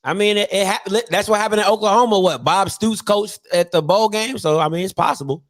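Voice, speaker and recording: Man, high-pitched sports talk host, hyped and chatty. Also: a little fast. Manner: animated, swings between loud hype and muttering. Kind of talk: live call-in sports talk show.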